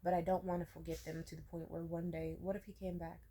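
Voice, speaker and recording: A woman's voice: on the low side, flat delivery, fast talker, dark tone, a little hiss or hum. A young woman vlogger venting in an emotional personal rant, questioning herself aloud and swearing.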